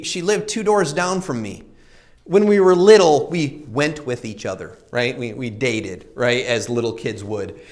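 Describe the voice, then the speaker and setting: Male preacher, high voice, earnest storyteller, rhetorical questions. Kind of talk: sermon.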